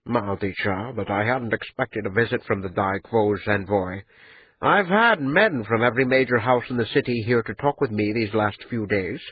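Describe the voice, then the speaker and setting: A man voicing an old, fat, rich merchant who is boastful and shrewd, with a husky, booming delivery. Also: muffled recording, heavily acted. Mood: sly. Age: older.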